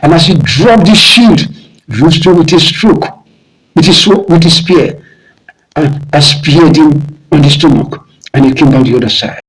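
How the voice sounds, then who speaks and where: A man tells an old tale aloud in a high voice. He is emphatic and repeats each phrase, building the story step by step. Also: unhurried, rough recording. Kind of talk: oral storytelling.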